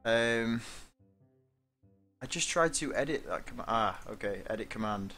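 A man chats away on his game stream, greeting viewers one after another and laughing easily. His voice sits at an ordinary middle pitch, and soft music plays in the background. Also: lively intonation, measured pace. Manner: chatty, greets viewers by name, laughs often. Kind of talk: casual live-stream chat.

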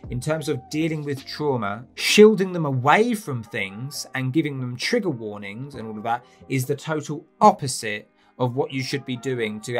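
A man rants comedically as host, his pitch swinging widely. He is sweary and sarcastic and breaks into mocking outbursts. Faint music sits underneath. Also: fairly bright tone. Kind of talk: comedic rant.

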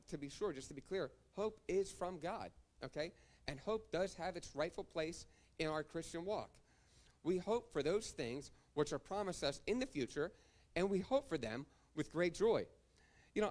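Man preaching a sermon with scripture. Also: a little high. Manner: preaching, reading scripture references and calling for amens. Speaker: pastor.

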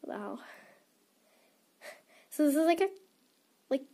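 A woman's voice: sits high, big pitch swings, takes it slowly, mellow. A teenage girl chatting to camera as she unboxes toys, giggling and rambling with a stuffy nose. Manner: giggly and rambling, many "like" fillers. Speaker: toy unboxing vlogger. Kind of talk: casual chat to camera.

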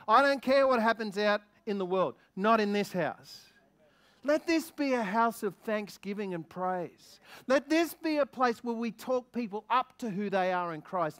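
A man preaching a sermon as a guest minister, excitable and lively, asking the congregation many questions. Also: very high voice. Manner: excitable, quickens when stirred.

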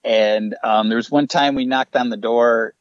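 A man, a paranormal investigator guest on a podcast, telling lively stories and acting out what people said. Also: medium pitch, moderate pace, dry recording, muffled recording. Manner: animated anecdotes with acted-out quotes. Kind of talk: casual podcast storytelling.

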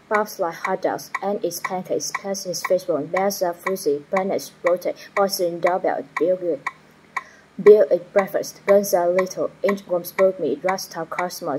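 A woman's voice: fairly low pitch, background noise. Woman reading drill phrases one by one. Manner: reads short phrases one at a time, evenly paced. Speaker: pronunciation drill reader. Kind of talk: reading practice phrases aloud.

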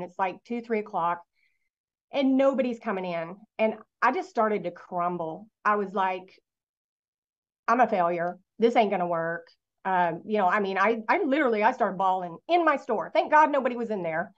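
A woman's voice: fairly high pitch, muffled recording. A middle-aged woman, telling her business story to an audience and asking them questions in a motivational talk. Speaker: network marketing speaker.

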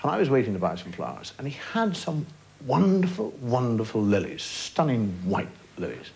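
This Irish-accented man in his fifties guests on a chat show, spinning animated anecdotes full of wry remarks and performed punchlines before a studio audience. His mid-range voice moves at a moderate pace with some vocal fry. The old broadcast, taken from a studio mic, is low quality, carrying loud hiss and audience laughter.

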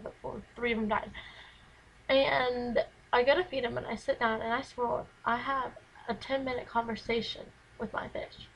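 Teen girl vlogger, rambling chatter into the camera mic in her bedroom, slightly high voice, faint hiss. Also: vocal fry, a bit bright, poor audio. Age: teens. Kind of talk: casual chat to camera.

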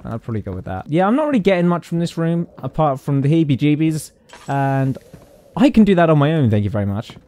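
A man's voice: on the high side, big pitch swings, quick pace, warm tone. A British man commentating a horror game, jittery and jokey, chatting to objects as he goes. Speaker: gaming YouTuber. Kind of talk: horror let's-play commentary.

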